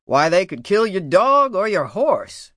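A frightened older pressman speaks in a slow West Virginia drawl, as a male narrator briefly puts him on. The voice sits a little high and sounds close and dry. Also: big pitch swings, pushed and bright, no echo, heavily acted. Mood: fearful.

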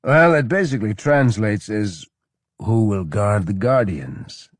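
A leering, drunken Roman general who slurs and roars his crude boasts, as a man puts him on. The voice is husky and low, with wide swings in pitch, recorded dry and close. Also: lively intonation, measured pace, dry recording. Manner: slurring, bellowing, crude.

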